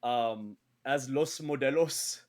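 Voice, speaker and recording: A man from the Middle East co-hosting a casual chat, excitable, swearing and quick to argue. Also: mid-range voice. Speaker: podcast co-host.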